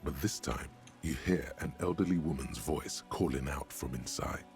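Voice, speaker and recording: A man voicing a dry, wry narrator in a video game, with a deep, gravelly, husky voice and a measured delivery. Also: darkish tone, faint music behind. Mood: descriptive.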